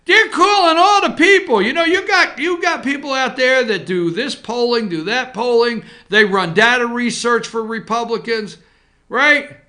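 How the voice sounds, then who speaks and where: A man's voice: very high voice, moderate pace, sharp tone. A man hosting a political talk show from an office, ranting with sarcasm, indignation and swearing.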